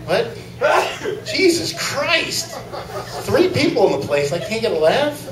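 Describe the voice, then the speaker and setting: A man's voice: very high voice, very animated, slow pace, reverberant, recorded from a distance, a crowd in the background, rough recording. A man doing a crude open-mic stand-up set in a small club, laughing at his own jokes. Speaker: stand-up comic.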